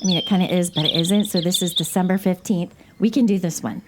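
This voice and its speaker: A woman's voice: lowish voice, fairly even intonation, fast, very noisy. A woman hosting a podcast in casual chat, chatty and playful, laughing often. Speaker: podcast host.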